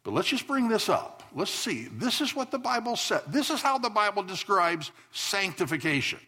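Man, pastor, emphatic church sermon, slightly high register. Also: sing-song, moderate pace, slightly rough. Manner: emphatic, swings between loud declarations and soft asides. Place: church sanctuary.

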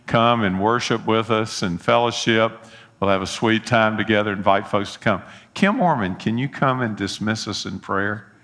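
A man's voice: on the low side, moderate pace, fairly bright tone. A middle-aged man, preaching a sermon and telling folksy personal stories with earnest appeals. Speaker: pastor.

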